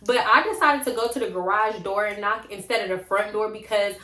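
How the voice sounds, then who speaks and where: A young woman telling a casual storytime vlog in an animated, blunt and profane way. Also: medium pitch, brisk. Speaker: storytime vlogger. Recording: roomy echo.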